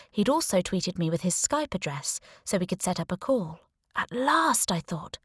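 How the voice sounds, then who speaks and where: A woman reading a first-person thriller audiobook, slow and deliberate with lively expression. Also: fairly low pitch, breathy edge, no echo, studio quality. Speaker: audiobook narrator. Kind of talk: scripted first-person narration.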